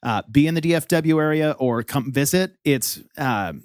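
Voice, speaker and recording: A man's voice: fairly high pitch, moderate pace, smooth, no room sound, studio quality. A man co-hosting a podcast in friendly, playful casual chat. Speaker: podcast co-host.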